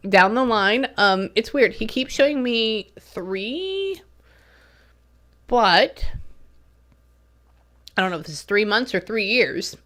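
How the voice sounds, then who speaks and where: A woman's voice: on the high side, expressive, slow, long pauses, fairly bright tone. A woman working as a spiritual medium, talking in a chatty, rambling way full of fillers during a casual reading session.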